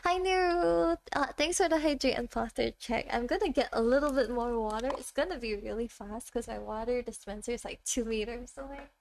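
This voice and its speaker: Giggly high-voiced woman streamer. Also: gravelly, darkish tone, a little hiss or hum. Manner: giggly, chatty, quick asides while reading chat. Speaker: VTuber streamer. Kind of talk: casual chat with viewers between karaoke songs. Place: home room.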